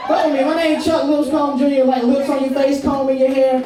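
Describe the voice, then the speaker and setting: A man's voice: extremely high pitch, flat delivery, fast, hardly any pauses. A man doing a stand-up comedy set on a club stage, telling stories in a profane, laughing way. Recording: echoey club from far off, crowd.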